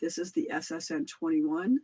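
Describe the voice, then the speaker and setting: A middle-aged host talking through a casual livestream monologue. The voice is husky, and the pitch swings widely as the talk rambles from claim to claim with casual swearing. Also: lively intonation, moderate pace, warm tone, low-quality recording.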